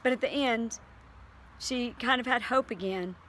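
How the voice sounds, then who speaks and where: A woman's voice: fairly high pitch, measured pace, fairly bright tone, slight background noise. A woman teacher reading aloud to her class and then talking it over earnestly, with fillers and restarts.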